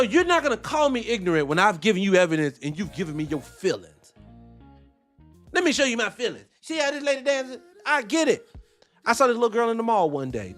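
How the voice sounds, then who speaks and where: A man hosting a show, reacting to a debate clip with animated, profane commentary and rhetorical questions. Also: on the high side. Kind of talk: heated commentary.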